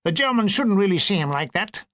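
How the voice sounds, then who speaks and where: A man's voice: high voice, very animated, fairly quick, a bit bright, no echo, studio quality, pitched above the performer's own voice. A man voicing a fussy, plummy upper-class British general. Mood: fussing.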